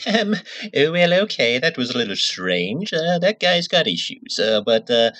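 A man presenting his own game mod in a comedic trailer, playful with deadpan asides. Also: mid-range voice, a little slow, faint music behind.

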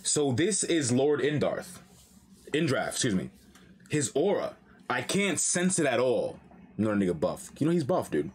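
Excitable husky young man reacting. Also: medium pitch, normal speed. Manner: animated, slangy, excitable. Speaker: reaction streamer. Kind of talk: live comic reading reaction.

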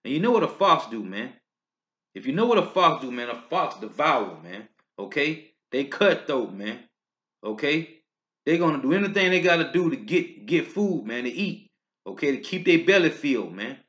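A man's voice: mid-range voice, sing-song, normal speed, a bit bright. A man preaching from scripture in bursts, ending lines with "man, okay?". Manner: emphatic, rising and falling bursts. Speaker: street preacher. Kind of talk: scripture-reading sermon video. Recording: dull lo-fi recording.

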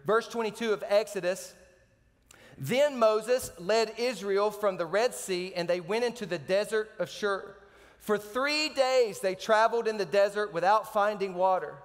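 A man preaching a sermon as pastor, animated and joking between slow scripture readings. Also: sits high, in a large hall. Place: church sanctuary.

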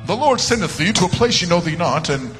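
A man's voice: high-pitched, expressive, brisk. A man voicing a pompous prophet who speaks in fake old-fashioned Shakespearean English, with a grandiose mock-solemn delivery. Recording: long church-hall reverb with music.

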